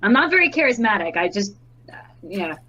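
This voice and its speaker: A woman's voice: mid-range voice, very animated, brisk, sharp tone, highs cut off. A woman playing in a tabletop game, chatting casually with many fillers and giggles. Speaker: player. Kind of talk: casual chat.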